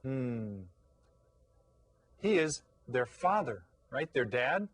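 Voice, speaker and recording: A man teaching a recorded lesson for young children, patient and full of questions, saying each Spanish word slowly. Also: mid-range voice, very animated, rough recording.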